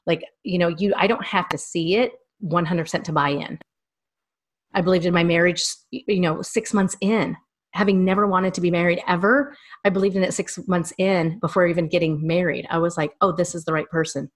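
Thirties woman, kinda low voice, rambly storytelling guest in a chat. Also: fairly even intonation, moderate pace. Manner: long, rambling personal storytelling. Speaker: small business owner and guest. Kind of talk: casual interview chat.

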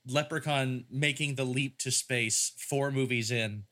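A man chats through a film review in a loose, rambling way. He often restarts his thoughts and leans on fillers. His voice has a bright, forward ring at a middle pitch. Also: steady tone, a little slow. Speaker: podcast host. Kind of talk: casual film-review chat.

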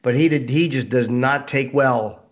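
A man's voice: medium pitch, a little slow, lo-fi sound. A man who is a comedian hosting a talk show, chatting casually with dry, agreeable asides. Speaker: podcast host and comedian. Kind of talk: casual chat.

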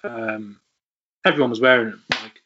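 A man's voice: medium pitch, very animated, normal speed, gravelly, bright, forceful tone, breathy edge, dull audio. A man, a podcast guest, telling stories in a rambling way with many fillers. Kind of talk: casual storytelling interview.

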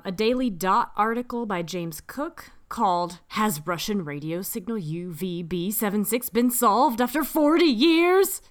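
A woman co-hosting a podcast in casual chat, reading out research notes, playful and laughing often. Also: mid-range voice. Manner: laughs often, playful, does silly voices. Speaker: podcast co-host.

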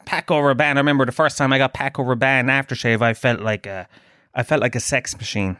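A man rambles through a crude comic monologue as a podcast host, jumping between jokes and voiced quotes. His voice sits at an ordinary middle pitch, recorded close and dry with no room sound. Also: steady tone, fast talker, sharp tone, smooth, no echo. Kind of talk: comedic monologue.

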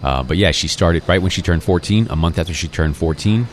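A man in his forties, a restaurant owner, talking about his path in a relaxed, reflective casual interview, with many fillers. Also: deep voice, fairly quick, slight background noise.

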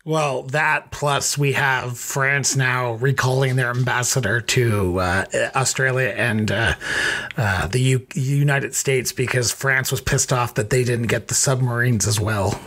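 A man hosting a political podcast, talking casually with halting fillers while he reports results. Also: medium pitch, a bit bright. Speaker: podcast host. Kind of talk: political talk and election coverage.

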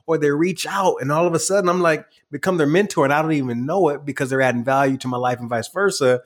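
Male podcast host, slightly high voice, lively and laughing. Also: fast talker. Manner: animated, laughs often, acts out quotes. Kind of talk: conversational interview.

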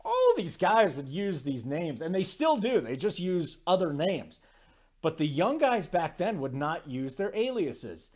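A man in his forties hosting a sports talk show, telling stories in a rambling, animated way with lots of asides. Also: fairly high pitch, unhurried. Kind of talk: casual sports talk monologue.

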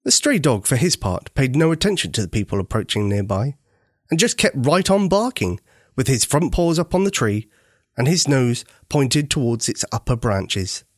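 A man's voice: mid-range voice, sing-song, moderate pace, no room sound, studio quality. A man narrating a children's story in a storyteller's cadence.

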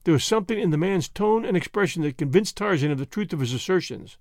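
A man narrating an adventure novel with dramatic, expressive storytelling. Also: high voice, fast talker, dry recording, clean studio sound. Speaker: audiobook narrator. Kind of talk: scripted narration.

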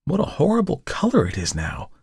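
A man reading a story aloud and voicing a lively, teasing young woman who models for an artist. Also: high-pitched, a little fast, gravelly, husky, no echo, clean studio sound, pitched above the performer's own voice, exaggerated voice. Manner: bright, pert, scolding. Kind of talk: audiobook character voice.

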